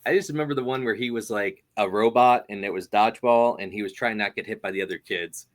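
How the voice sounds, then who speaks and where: A man's voice: fairly low pitch, quick pace. A man hosting a casual interview who laughs often and keeps an easygoing tone. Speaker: host.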